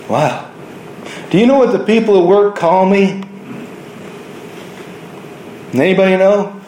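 A man's voice: fairly high pitch, a little hiss or hum. Man preaching in an echoey room. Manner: earnest storytelling preaching, shifting between soft and raised delivery. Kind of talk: sermon.

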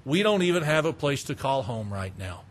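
A male preacher delivering an expository sermon, slow and emphatic, stacking repeated phrases. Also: mid-range voice, sing-song.

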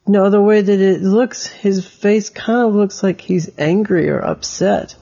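A man's voice: sits high, expressive, a little slow, creaky, dark tone, highs cut off, voice pushed up, heavily acted. A man voicing a skeptical brown-haired boy who keeps insisting he is right, in a bedtime story. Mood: insistent. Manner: insistent, contradicting.

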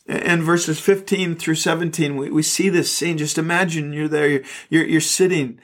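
A man's voice: on the high side, fairly even intonation, moderate pace, a bit bright. A man preaching a sermon, retelling a story in an earnest way and often stumbling over repeated words. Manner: earnest storytelling with frequent stammered word repeats. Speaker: pastor.

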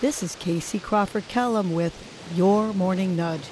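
A woman hosting a morning wellness podcast, guiding a breathing exercise and giving motivational words in a slow, soothing way. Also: medium pitch, a little mellow, slight background noise. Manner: slow, soothing counting, rising to upbeat urging. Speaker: podcast host. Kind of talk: guided breathing and motivational talk.

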